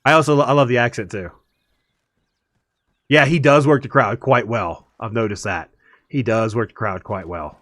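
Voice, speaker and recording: A man's voice: mid-range voice, normal speed, long pauses, fairly bright tone, no room sound. Guy rambling on a game stream, laughs a lot, dead dry room. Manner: rambling, chatty, laughs often. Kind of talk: casual chat while gaming.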